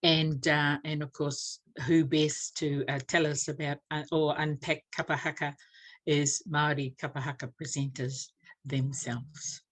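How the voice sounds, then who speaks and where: Low-voiced New woman teaching pronunciation. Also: level tone. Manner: unhurried, filler-heavy explanations. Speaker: presenter of a church Māori language series. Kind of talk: teaching Māori pronunciation with spoken examples.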